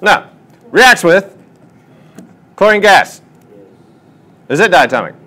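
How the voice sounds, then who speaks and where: Speaking slowly in a voice that sits high, a man tutors a chemistry class in a classroom. As he works through problems he asks the students questions, in lively, questioning teacher talk typical of a lesson.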